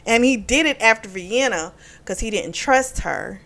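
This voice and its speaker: A woman's voice: a little high, expressive, a little slow, fairly bright tone. A woman casually recapping a romance novel's plot, talking frankly with plenty of profanity and frequent laughs. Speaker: book reviewer. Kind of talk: casual spoken book recap.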